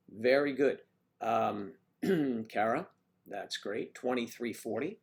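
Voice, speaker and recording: A man's voice: mid-range voice, expressive, slow, gravelly. A man hosting a casual livestream, rambling and chatting with viewers by name as he reads the chat. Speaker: livestream host reading chat.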